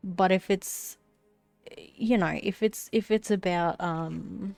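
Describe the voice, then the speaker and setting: A woman's voice: mid-range voice, steady tone, slow pace, creaky, a little mellow, no room sound, soft background music. A congested woman chatting casually on her live stream, rambling and swearing now and then. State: slightly out of breath.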